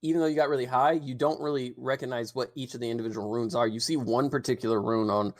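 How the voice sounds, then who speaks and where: A man running a tabletop game as dungeon master, narrating scenes in a relaxed way with fillers. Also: medium pitch, fast talker.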